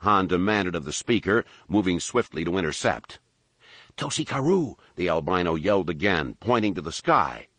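Low voiced guy reading a novel, lots of up and down, dry mic. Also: moderate pace, few pauses, no room sound. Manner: lively, expressive storytelling. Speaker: narrator. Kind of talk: audiobook narration.

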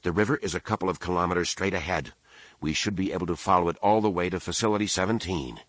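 A man's voice: deep voice, fast, no room sound. A man voicing a wiry, prickly alien male sidekick with sardonic, clipped complaints.

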